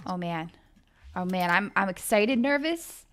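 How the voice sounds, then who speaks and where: A woman's voice: medium pitch, animated, a little slow, fairly bright tone. A young woman hosting a casual let's-play, chatting animatedly with her viewers while she plays. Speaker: gaming channel host.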